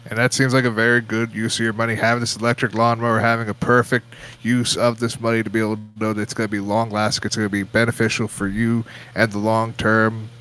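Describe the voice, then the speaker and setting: Fast, even-toned male co-host. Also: on the low side. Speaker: podcast co-host. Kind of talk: casual chat.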